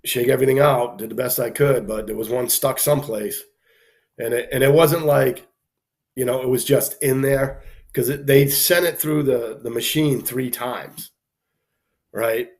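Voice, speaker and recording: A man casually telling an anecdote on a live stream, animated, acting out the people he quotes, with plenty of fillers. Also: mid-range voice, unhurried.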